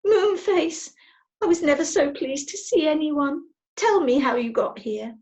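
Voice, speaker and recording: A shrill, whiny little girl, as a woman puts her on, her very high voice leaping wildly as she sobs and squeals. She is a stubborn, easily frightened storybook child. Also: lively intonation, measured pace, a little mellow. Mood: relieved. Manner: high-pitched, sobbing, shrill.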